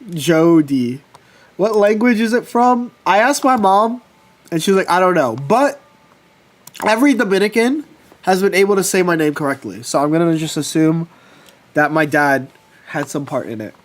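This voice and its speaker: Animated man telling stories on stream. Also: fairly high pitch, normal speed, long pauses. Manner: animated storytelling, swears casually. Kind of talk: casual livestream chat.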